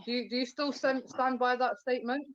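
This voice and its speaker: A woman's voice: high voice, fairly even intonation, brisk, no echo. Flustered, breathless woman moderating, lo-fi. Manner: flustered, pleading for order. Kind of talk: online debate moderating.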